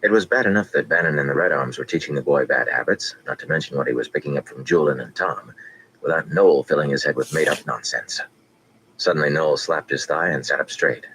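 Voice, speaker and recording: Very deep-voiced male audiobook narrator. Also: slight background noise, poor audio. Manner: steady, measured reading. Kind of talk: scripted fantasy narration.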